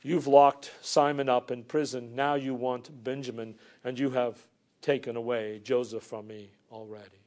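A man's voice: medium pitch, level tone, moderate pace, a little mellow, voice pushed down, lightly acted. A preacher voicing a grieving, bitter old father. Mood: accusing.

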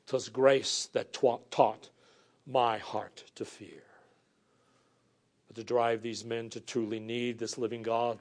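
A male preacher delivering a sermon with earnest conviction. He alternates between emphatic declarations and passages that sink nearly to a hush. His voice sits somewhat high for a man.

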